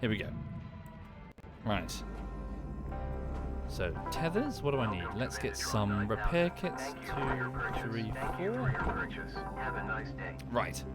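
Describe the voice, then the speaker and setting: This British streamer speaks slowly at medium pitch, with a sing-song lilt and frequent pauses, while music plays. His casual talk about the game wanders, laced with swearing and stops and restarts.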